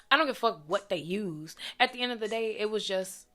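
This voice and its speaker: A young woman vlogger telling a story to camera in a blunt, profane, animated way. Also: mid-range voice, moderate pace. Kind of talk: casual storytime rant to camera.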